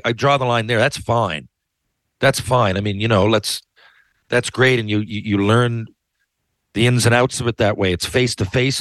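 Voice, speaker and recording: Guy going off in a sweary rambling rant, mid-pitch voice, dead dry mic. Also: a bit bright, no echo. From Canada. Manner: profane, heated, rambling with many restarts. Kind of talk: ranting monologue.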